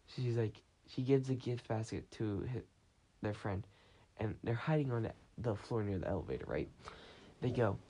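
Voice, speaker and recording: A podcast host with a warm, mid-range voice rambles through a story on his casual phone-recorded show, restarting again and again and acting out quotes.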